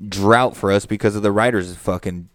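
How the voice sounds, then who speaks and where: A man's voice: lowish voice, steady tone, normal speed, no room sound, clean studio sound. A man co-hosting a podcast, blunt and argumentative, swearing in casual chat. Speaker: podcast co-host.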